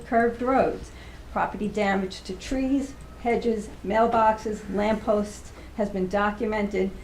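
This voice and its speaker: A woman's voice: mid-range voice, a little mellow, a little hiss or hum. Earnest woman reading in an echoey room. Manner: reads prepared statement, earnest and emphatic. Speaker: resident speaking at public comment. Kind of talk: public comment at a village board meeting.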